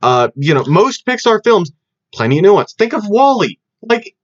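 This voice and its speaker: A young man co-hosting a podcast in casual chat, rambling and animated with lots of fillers and restarts. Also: sits high, moderate pace. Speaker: podcast co-host. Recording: dull lo-fi podcast audio.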